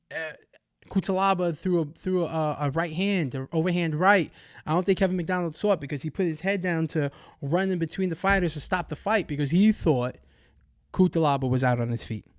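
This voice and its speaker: A man's voice: high-pitched, no echo, studio quality. A young man hosting a podcast, giving heated sports commentary as a profane, restless rant full of restarts. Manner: angry ranting, profane, many restarts. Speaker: podcast host.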